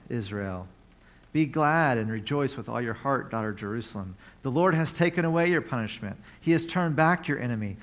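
A man's voice: mid-range voice, moderate pace. Conversational male pastor preaching. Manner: conversational preaching, reads scripture aloud, bursts into joyful cries. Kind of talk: sermon.

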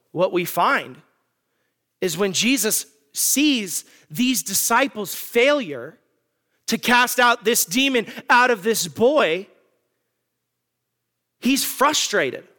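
A man's voice: sits high, big pitch swings, drawn-out words, pauses often, pushed and bright, big-room sound. A male pastor preaching a sermon to his congregation, emphatic and full of rhetorical questions.

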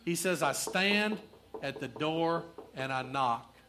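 A male pastor preaching a sermon in church, quoting Scripture, asking the room for answers, and softening into prayer. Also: fairly high pitch, lively intonation, slow, slight background noise. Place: church, also streamed online.

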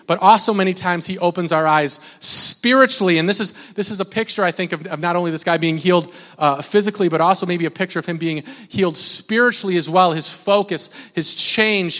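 A pastor preaching a sermon in a casual, conversational way, with many fillers and restarts, calling on the congregation to respond. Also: male voice, high-pitched, fairly bright tone, long reverb tail.

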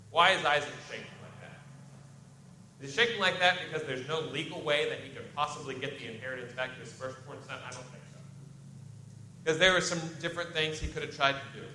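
A man preaches a sermon with a bright voice. He reads scripture aloud and then explains it in plain talk. The room sounds echoey, with faint noise behind him. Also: medium pitch, fairly quick. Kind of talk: expository sermon.

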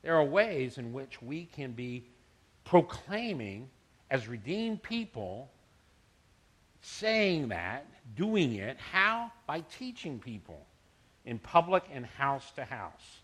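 Bright-voiced man preaching a sermon. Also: mid-range voice, sing-song, slow, breathy edge. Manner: conversational preaching with personal anecdotes. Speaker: pastor.

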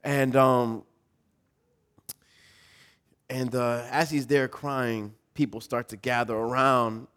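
A man's voice: mid-range voice, little pitch movement, slow, long pauses, fairly bright tone, clean tone. A man in his thirties, a pastor preaching a sermon in a casual, storytelling way with light self-deprecating humor.

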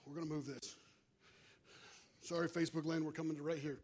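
A man preaching a sermon, animated and joking, out of breath as he moves about with props. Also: on the high side, fairly quick, a little hiss or hum. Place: church.

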